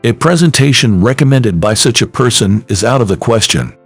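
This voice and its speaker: A man voicing a dignified male company president who speaks in a low, cold, firm voice. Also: animated, brisk, no echo, faint music behind. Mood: cold stern.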